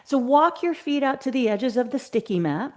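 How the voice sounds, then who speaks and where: A woman teaching a live yoga class over a video call, giving slow, gentle cues with soft asides. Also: sits high, expressive.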